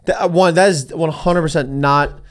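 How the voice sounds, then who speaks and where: A man's voice: on the high side, fairly even intonation, moderate pace. A man hosting a casual podcast chat who teases the others and directs who talks next. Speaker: podcast host.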